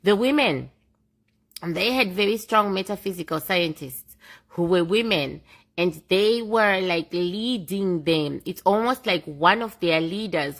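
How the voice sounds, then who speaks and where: A woman with a lowish, creaky voice muses aloud, stretching her words and letting her remarks trail off quietly. She co-hosts a casual reaction chat. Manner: musing, drawn-out, fading to quiet. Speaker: reaction video co-host.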